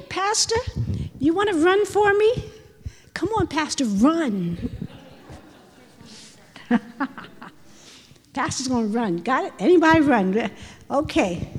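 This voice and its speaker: A woman leading a church testimony meeting, exuberant and quick to call out praise and hallelujahs. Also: high voice. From Florida, USA. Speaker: prayer meeting leader. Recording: long reverb of a church hall.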